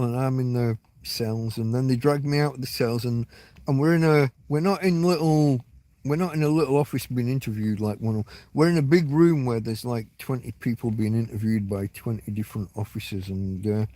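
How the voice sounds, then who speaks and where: A man's voice: medium pitch, darkish tone, no room sound. A middle-aged man from England telling a personal story to camera in a rambling, emotional way, swearing often and restarting his sentences. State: tearing up. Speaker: vlogger. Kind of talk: casual storytelling monologue.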